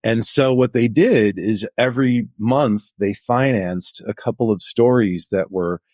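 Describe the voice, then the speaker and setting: A middle-aged man guesting as a journalist swaps stories in a casual, chatty interview, filling gaps with "like." His mid-range voice is unhurried and darkish, recorded at studio quality without room sound.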